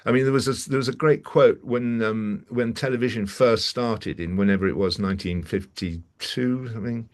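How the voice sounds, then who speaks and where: A man's voice: mid-range voice, moderate pace, few pauses. A male actor talking casually as an interview guest from a room at his home, rambling with many restarts.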